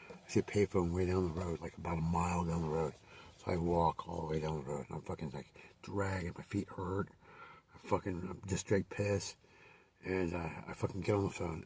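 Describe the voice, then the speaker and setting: Gravelly low-voiced guy rambling through a wild story, swearing a lot, sounds a bit far from the mic. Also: a little mellow. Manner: rambling, profane, many fillers and restarts. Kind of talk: casual personal storytelling.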